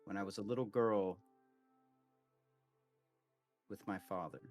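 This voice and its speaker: A man voicing a mysterious young woman sorceress who speaks quietly, in a cryptic, solemn way. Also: on the low side, fast talker, soft background music, close to an everyday voice. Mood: wistful.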